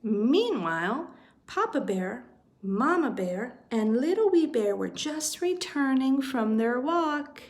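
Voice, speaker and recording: Woman storyteller, storybook read-aloud, slow, expressive, slightly high voice.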